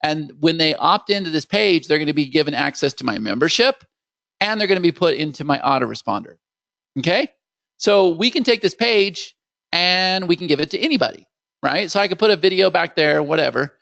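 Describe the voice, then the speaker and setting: A man hosting a live screen-share software demo, upbeat and salesy, talking straight to viewers as "guys" and acting out how clients would react. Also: on the high side, animated, a little fast, vocal fry, no room sound, lo-fi sound. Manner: acts out clients' reactions in quoted voices.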